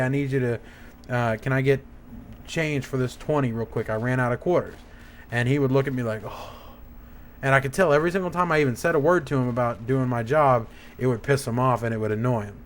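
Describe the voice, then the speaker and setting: A young man of ordinary pitch hosts his gaming channel and tells a rambling story about a bad job. He swears freely and works himself into a heated rant. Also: a bit bright. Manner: profane, rambling, heated retelling. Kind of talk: casual ranting storytime.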